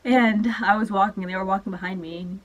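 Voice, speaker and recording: A woman's voice: medium pitch, fairly even intonation, brisk, dull audio. Young woman host, giggly, chatty storyteller. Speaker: channel host. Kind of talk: casual chat.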